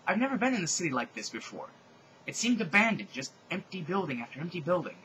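A man reads fan fiction aloud for comedy, breaking off for sardonic, exasperated asides. His bright voice moves animatedly up and down. A faint hiss runs underneath. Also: fairly high pitch, sing-song, fast talker, poor audio. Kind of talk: comedic dramatic reading with asides.

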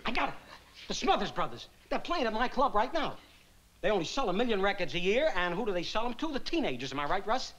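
Eager, jokey nightclub manager. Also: male voice, high-pitched, very animated, fast, a bit bright. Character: excitable middle-aged male nightclub manager. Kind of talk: 1960s sitcom acting. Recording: hissy old TV soundtrack.

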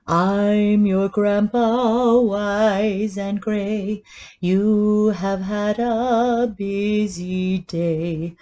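A woman voicing a gentle old grandpa bear who sings a slow lullaby. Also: mid-range voice, dull audio.

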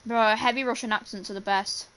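A woman casually commenting on her own gameplay and talking excitedly to her teammates. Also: fairly high pitch, brisk. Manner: chatty, excitable, talks to teammates while playing. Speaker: gaming channel host.

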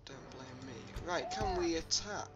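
A man's voice: on the high side, animated, a little slow, highs cut off. A young man casually commenting on his gameplay, rambling with lots of ums and uhs. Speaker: let's play host. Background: game music.

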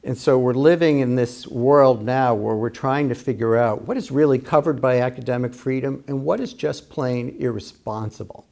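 A male history professor as an interview guest, explaining ideas in a measured, lecturing way, laying out arguments point by point. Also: medium pitch, vocal fry, a little mellow. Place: UMass Amherst.

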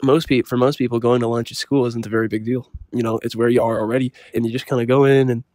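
A young man telling a comic story in a deadpan, self-serious, rambling way. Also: medium pitch, fast talker. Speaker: comedy storyteller. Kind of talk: deadpan comedic story monologue.

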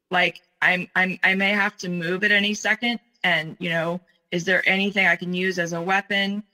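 A woman in her forties, a guest telling her own story in conversation, speaking in a halting, earnest way with many fillers. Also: mid-range voice, sharp tone, low-quality recording. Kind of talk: personal account in conversation.

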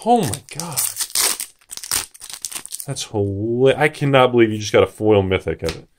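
Excitable man yelling in disbelief. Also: mid-range voice, moderate pace, background noise. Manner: excitable, swears, shouts in disbelief. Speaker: card box opener. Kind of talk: unboxing commentary.

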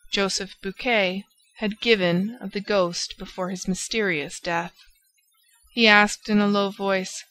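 A woman narrating a classic novel as an audiobook in a steady, even manner. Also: mid-range voice, rough recording. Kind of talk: scripted narration.

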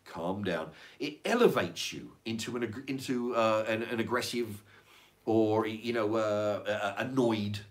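An older man with a fairly low voice speaks in an unhurried way while hosting a livestream. He reads out comments from the chat and talks casually, rambling, swearing and repeating words.

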